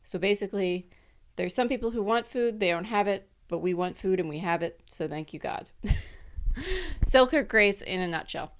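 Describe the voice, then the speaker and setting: A woman's voice: mid-range voice, expressive, normal speed. A woman giving a casual, chatty explainer, with frequent fillers and light laughs. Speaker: presenter.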